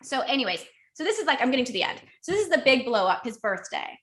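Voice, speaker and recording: A young adult woman speaks as a podcast guest, telling a personal story in a casual, conversational way. Her voice sits a bit high. She is animated and emotional, often breaking off and restarting her sentences. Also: quick pace.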